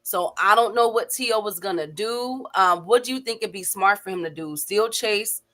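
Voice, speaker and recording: A woman's voice: medium pitch, moderate pace, fairly bright tone, a little hiss or hum. A woman hosting a casual boxing live stream, chatty, laughing easily and greeting viewers by name. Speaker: host.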